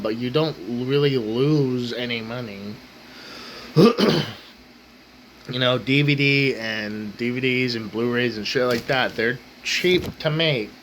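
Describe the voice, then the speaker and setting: A mid-pitched, slightly bright male voice comes through a low-quality recording with a bit of background noise. Seated at his kitchen table indoors, the ranting vlogger fumes at the camera, cursing and circling back over the same complaints in exasperation.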